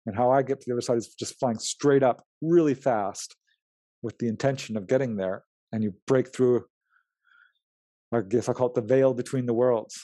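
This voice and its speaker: A man's voice: medium pitch, moderate pace, no room sound. Guy telling his out-of-body stories in a podcast chat, acts out the voices, dry close mic. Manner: animated, acts out quoted dialogue with laughs. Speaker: guest, UFO researcher and writer. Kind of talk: storytelling in an interview.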